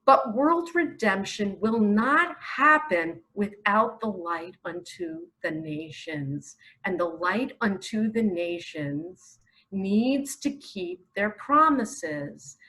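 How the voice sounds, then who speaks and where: A middle-aged woman from New York giving an impassioned religious monologue, emphatic and full of rhetorical questions, with sudden loud bursts. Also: mid-range voice, expressive, slow, low-quality recording. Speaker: self-proclaimed messiah preacher.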